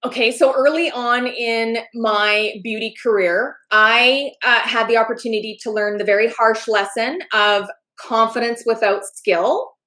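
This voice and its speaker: A woman with a somewhat high voice tells a story on a podcast. She is animated and often laughs as she acts out the other people's voices in a casual, chatty way. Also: a little slow, hardly any pauses, low-quality recording. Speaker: podcast guest.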